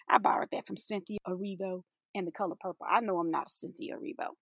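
A woman's voice: medium pitch, steady tone, quick pace, creaky, fairly bright tone, slightly rough, no echo, clean studio sound. A woman teacher giving an inspirational spoken-word monologue, sassy and playful, laughing often and drawing out her words for emphasis.

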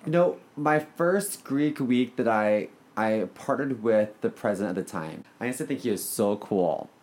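A man's voice: medium pitch, normal speed. A young man co-hosting a podcast, chatting casually and expressively about old memories. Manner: expressive, mimics a bossy dance coach. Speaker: podcast co-host. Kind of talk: casual chat.

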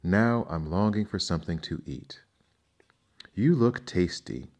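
A man reading a storybook and voicing a hungry male genie who booms and snaps. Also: lively intonation, measured pace, a little mellow. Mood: menacing. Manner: booming. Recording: dull lo-fi recording.

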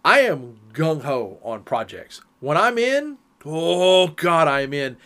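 A man co-hosting a casual chat, telling stories in an animated, teasing way. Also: a little high, slow pace. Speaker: podcast co-host.

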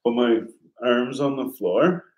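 A man's voice: mid-range voice, takes it slowly. Man telling stories loosely, roomy sound. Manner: rambling, heavy swearing, lots of fillers. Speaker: storyteller. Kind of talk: casual chat. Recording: roomy echo.

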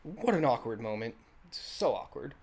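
A man's voice: medium pitch, sing-song, normal speed, darkish tone, slightly rough. A man co-hosting a casual movie recap, retelling scenes with enthusiasm and quoting lines. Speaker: podcast co-host.

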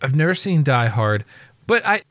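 Male co-host, jokey and inquisitive, expressive pitch, dry close-miked sound. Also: normal speed, no echo. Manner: playful, curious, asks questions and jokes. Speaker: podcast co-host. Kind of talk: casual chat.

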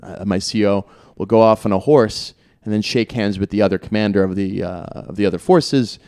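A man playing a dim, cheerful young soldier from the First World War who keeps waking up in different battles, in an improvised comedy podcast, talking in a halting, stammering, deadpan way. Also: fairly low pitch, clean tone, close to an everyday voice. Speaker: improv guest in character.

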